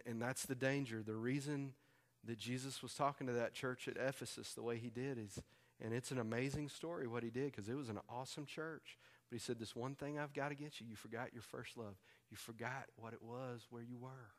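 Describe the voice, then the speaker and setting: Pastor preaching conversationally. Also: male voice, medium pitch. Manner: conversational, emphatic preaching with repetition. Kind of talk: sermon.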